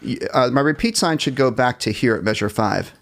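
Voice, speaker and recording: A man's voice: mid-range voice, lively intonation, a little fast, gravelly. A man teaching a live online jazz band class from his computer. He counts the band in, scats the melody lines and laughs off his own small mistakes, friendly and encouraging. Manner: self-deprecating about small mistakes. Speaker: music teacher.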